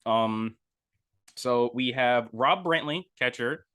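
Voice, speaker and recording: A man's voice: medium pitch, takes it slowly, a bit bright, clear, resonant tone. A man co-hosting a casual sports podcast, talking in rambling runs full of fillers and restarts. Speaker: podcast co-host.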